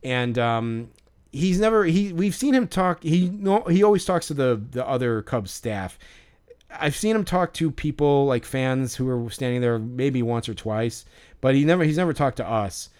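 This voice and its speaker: A man's voice: mid-range voice, expressive, moderate pace, a little mellow, clear, resonant tone. A man co-hosting a podcast, telling a story in a rambling casual way with lots of fillers and restarts. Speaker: podcast co-host.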